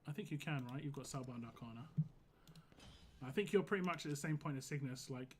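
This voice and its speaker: Hoarse man rambling through gameplay tips. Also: medium pitch, fairly quick, a little hiss or hum. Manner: rambling, full of "like". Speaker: game streamer. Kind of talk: casual gameplay commentary. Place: home gaming setup.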